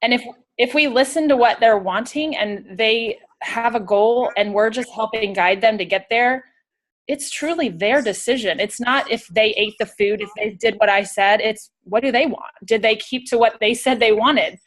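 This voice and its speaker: A woman's voice: a little high, moderate pace. A woman health coach and former trainer giving a thoughtful, casual explanation.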